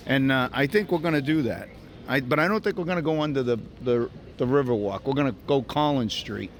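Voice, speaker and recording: With a medium-pitched, animated voice and a slightly fast pace, a man gives casual walking-tour narration for his travel vlog. He thinks aloud on outdoor city streets, and street noise comes through the recording.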